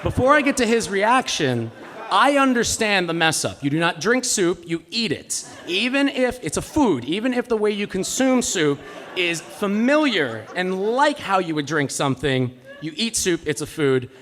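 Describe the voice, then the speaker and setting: A man's voice: high voice, sing-song, normal speed, a bit bright. A man telling a personal story live on stage, with a comic, self-mocking delivery. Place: live stage in a cultural center.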